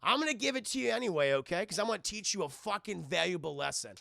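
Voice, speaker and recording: A man doing a cocky fairy trickster, high and teasing. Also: lively intonation, quick pace, creaky, pushed and bright, no echo, studio quality, heavily acted. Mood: spiteful. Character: mischievous male fairy trickster.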